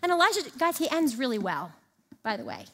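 A woman's voice: high-pitched, sing-song, a little fast, slight background noise. A woman preaching a sermon in a casual, conversational way, reading scripture aloud and paraphrasing it in everyday talk. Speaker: speaker teaching a Bible passage.

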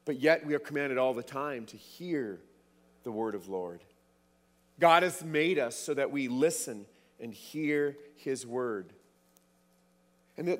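A man's voice: on the high side, long reverb tail. A man preaching a sermon, emphatic, repeating words for stress.

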